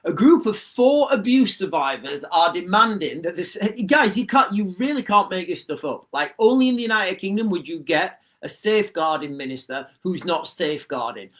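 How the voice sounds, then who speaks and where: A man's voice: high-pitched, expressive, moderate pace, few pauses, a bit bright. A man, hosting a casual political commentary livestream, repeating himself and calling the viewers guys. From Rotherham, England. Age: 40s. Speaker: livestream host.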